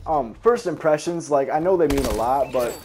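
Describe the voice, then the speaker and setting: A man's voice: on the high side, expressive, moderate pace, darkish tone, slight background noise. Rambling, profane young man telling a story. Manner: rambling, profane, self-correcting. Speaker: storyteller recounting a school memory. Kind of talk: casual storytelling vlog.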